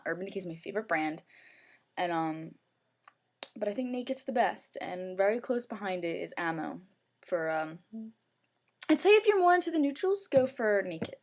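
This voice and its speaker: A woman's voice: medium pitch, darkish tone. A young woman talking through her makeup in a casual review, gushing and chatty, with lots of "like" in her speech. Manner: gushing, chatty, heavy use of "like". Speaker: beauty vlogger.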